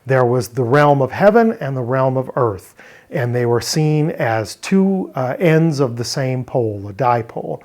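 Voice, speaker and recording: A man's voice: mid-range voice, expressive, measured pace, a little mellow. A man teaching a verse-by-verse Greek word study, explaining step by step and posing rhetorical questions. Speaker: Bible language teacher.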